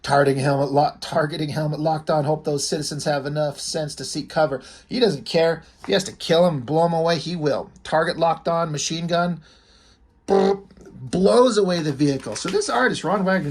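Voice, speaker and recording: A man's voice: fairly high pitch, lively intonation, a little fast, breathy edge. A man giving casual, rambling, joking commentary as he reviews a comic book. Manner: rambling, joking, often breaks into laughter.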